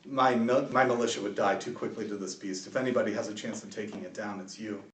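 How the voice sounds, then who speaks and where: A man voicing a grave male town governor who speaks low and solemn, recorded in an echoey room from a distant mic. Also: steady tone, quick pace, heavy background noise, close to an everyday voice.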